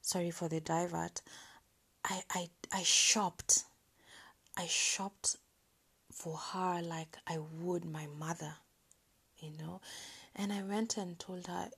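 Speaking low and nearly whispering, a woman recounts something personal for her podcast, her breathy voice soft and her intonation fairly even. Her telling is halting and unsure, broken up by frequent pauses.

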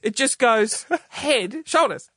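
A man with a high, feminine-sounding voice, a guest telling self-deprecating stories in a lively way. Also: slow, no echo, clean studio sound. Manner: self-deprecating, animated storyteller. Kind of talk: casual chat.

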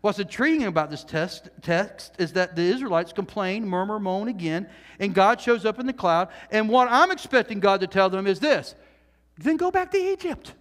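A man preaching a sermon to his congregation, swinging between loud, animated passages and hushed asides, and adding jokey remarks along the way. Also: high-pitched, normal speed. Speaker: pastor. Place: church sanctuary. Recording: long hall reverb.

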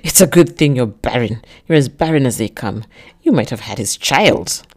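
A woman voicing a controlling, jealous man who speaks flat and cold, then bursts into shouts. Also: lowish voice, normal speed, close to an everyday voice. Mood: shouting.

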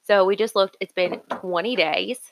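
A woman co-hosting a podcast, chatting casually in an excitable, giggly way. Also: mid-range voice, moderate pace, creaky, slight background noise, poor audio. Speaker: podcast co-host.

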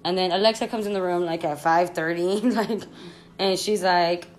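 A young woman hosts a podcast from her home, rambling through a storytime in loose slang and breaking into laughter often. Her voice sits a little low. Faint background noise runs under the talk. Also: steady tone, moderate pace. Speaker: podcast host. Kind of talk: casual storytime chat.

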